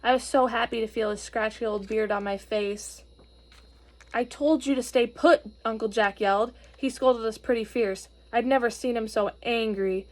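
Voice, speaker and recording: A woman reads a children's storybook aloud in an expressive, gentle way. She sometimes pauses to explain things to her listeners. Her voice sits fairly high.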